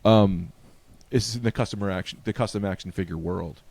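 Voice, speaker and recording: A comedian on a podcast, telling a story in casual chat and acting out the other people in it. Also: male voice, deep voice, quick pace, darkish tone, dry recording. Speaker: comedian guest.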